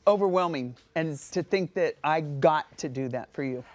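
Casting note: woman guest on a TV talk set, heartfelt, quick to laugh, warm casual chat. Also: sits low. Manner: warm, emotional, laughs often. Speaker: talk show guest, actress. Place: TV studio.

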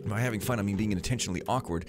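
Sarcastic rambling male gamer, lowish voice. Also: very fast, soft background music. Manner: sarcastic, rambling, deadpan jokes. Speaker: let's play gamer. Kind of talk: casual gameplay commentary.

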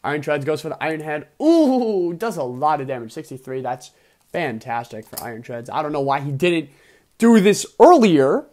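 Excitable young man calling a game. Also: mid-range voice, a little fast. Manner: excitable, swings from mumbling to loud outbursts. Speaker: video host and league player. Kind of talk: casual game commentary.

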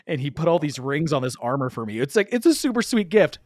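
A man telling a long story in casual podcast chat, animated and laughing as he acts out the quoted lines. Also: on the high side, fast talker, no room sound, studio quality.

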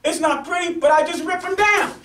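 A man's voice: very high-pitched, brisk, a bit bright, slight background noise. A man teaching street self-defense, demonstrating on a partner and checking in with "okay?" and "right?" as he goes. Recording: echoey room, mic far off.

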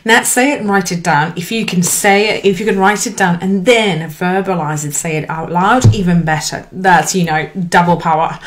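A woman in her thirties giving an earnest, encouraging motivational talk to camera as a life coach, with lively swings in pitch. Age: 30s.

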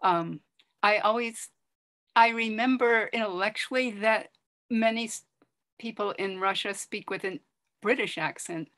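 A woman speaks as a guest on a video call, chatty and enthusiastic, wandering from point to point. Her voice sits at an ordinary middle pitch. The sound is dry and close, with no room echo. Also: a little slow, fairly bright tone. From United States. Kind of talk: casual chat on a video call.

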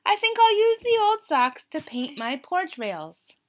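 A woman's voice: extremely high pitch, very animated, unhurried, pitched above the performer's own voice, full character voice. A woman voicing a kindly neighbor lady who knits, in a children's storybook. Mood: friendly.

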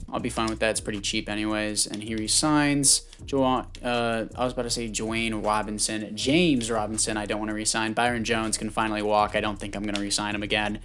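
Chatty man narrating a football game. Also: mid-range voice. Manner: chatty, thinks aloud, stumbles over names. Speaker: gaming YouTuber. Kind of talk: casual game commentary.

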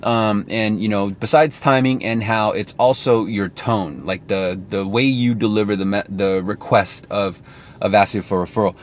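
A man's voice: on the low side, fairly even intonation, normal speed, a little hiss or hum. A man talking casually to camera as a sales coach, chatty and thinking aloud as he explains.

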